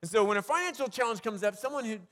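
Male pastor, higher pitch, casual preaching style full of restarts, recorded in a reverberant hall. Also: expressive, very fast, fairly bright tone. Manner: conversational preaching with frequent restarts and rhetorical questions. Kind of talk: sermon.

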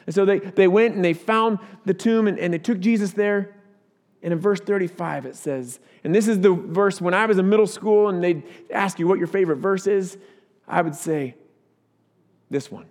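A man preaching a sermon as a pastor, earnest and swelling louder at key points. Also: high voice, animated, brisk, long reverb tail.

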